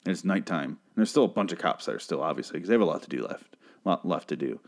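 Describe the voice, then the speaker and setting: A man with a fairly low voice rambling through a TV recap. He is sarcastic and profane and keeps doubling back on himself. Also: animated, fast talker, vocal fry. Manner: rambling, sarcastic, swears a lot. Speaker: show recap host.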